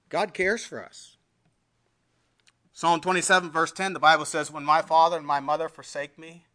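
High-voiced man preaching a sermon. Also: normal speed. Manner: preaching with scripture readings in King James wording; swings between emphatic rises and quiet drops. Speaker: pastor.

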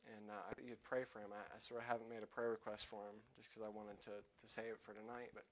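A young man preaching a sermon in church, loud when quoting scripture and quieter and halting in his personal asides. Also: lowish voice, little pitch movement. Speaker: lay preacher.

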